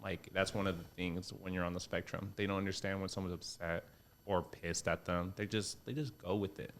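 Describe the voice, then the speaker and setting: A young man, a comedian guest on a podcast, talking casually and swearing often, lively when he quotes people. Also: low voice, a little fast, slight background noise. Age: young adult. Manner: relaxed, swears a lot, animated quoting voices.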